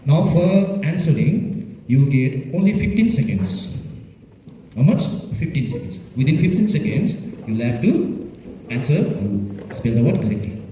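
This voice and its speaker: A man's voice: on the high side, sing-song, measured pace, warm tone. A man acts as the spelling bee pronouncer and patiently explains the contest rules to pupils, often asking "okay?" to check they follow. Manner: patient, repetitive, checks understanding with frequent "okay?". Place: large echoey school hall. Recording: echoey hall from far off, faint noise.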